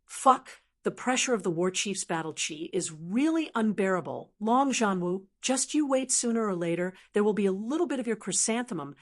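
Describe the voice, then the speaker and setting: A woman's voice: mid-range voice, animated, normal speed, few pauses, natural voice. Brash teen heir, defiant and taunting; woman narrator voices him for an audiobook. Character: brash, cocky teenage boy heir.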